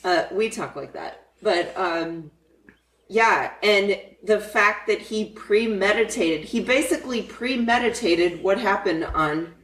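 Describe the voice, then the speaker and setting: A woman's voice: mid-range voice, slow, fairly bright tone, reverberant, recorded from a distance. A woman co-hosting a podcast in casual political chat, blunt, heated and profane. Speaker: podcast co-host.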